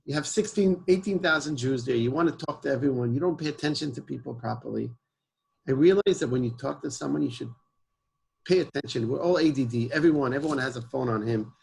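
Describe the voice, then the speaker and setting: A man with a heavily gravelly, fry-laden voice and a husky edge. He tells his story in an earnest, emphatic way and drops Hebrew words into his English. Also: medium pitch, quick pace, darkish tone, rough recording. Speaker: guest, emergency service founder. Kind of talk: personal storytelling in an interview.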